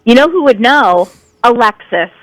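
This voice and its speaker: A woman's voice: fairly high pitch, expressive, normal speed, no echo, low-quality recording. A woman comedian, chatting playfully on a radio show by phone and joking often. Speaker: comedian guest. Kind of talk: casual radio chat.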